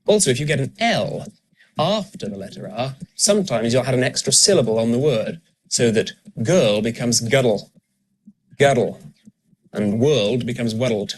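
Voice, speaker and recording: A man's voice: mid-range voice, lively intonation, a little mellow. Man coaching accent sounds. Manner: clear, demonstrative, repeats example words slowly. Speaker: actor and voice coach. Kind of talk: instructional accent tutorial.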